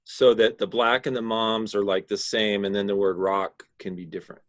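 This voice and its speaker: A man's voice: on the low side, little pitch movement, moderate pace, dry recording. Dry-voiced man giving class critique. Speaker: instructor.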